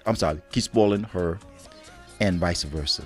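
A man with a very deep voice chats loosely with his partner as co-host. He talks in easy street slang, often laughing, with soft music underneath. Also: normal speed. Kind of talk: casual chat.

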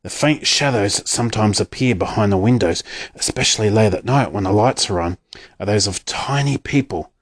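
A man voicing a gentle old grandfather in a storybook reading, telling a tale softly. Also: lowish voice, normal speed, voice pushed down, close to an everyday voice. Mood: hushed. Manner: soft and hushed.

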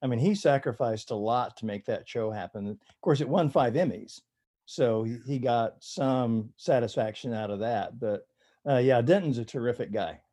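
A man's voice: mid-range voice, normal speed, warm tone. A man appearing as an author guest on a podcast, telling anecdotes at an easy pace. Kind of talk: podcast interview.

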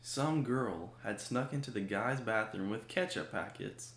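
A man's voice: fairly low pitch, unhurried, fairly bright tone, breathy edge. A man in a casual chat telling a crude school story, laughing as he goes. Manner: laughing, laid-back anecdote telling.

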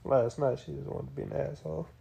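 A man's voice: medium pitch, steady tone, fast talker, creaky, dark tone, dull audio, slight background noise. A man in his thirties chatting casually with his partner, laid-back and slangy. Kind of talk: casual chat.

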